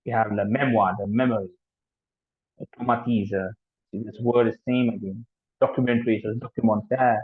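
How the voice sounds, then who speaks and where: A man's voice: lowish voice, husky, no room sound. A man with an Indian English accent gives an informal lecture as a French language teacher, hesitant, with many fillers and restarts. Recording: tinny phone-like sound, dry.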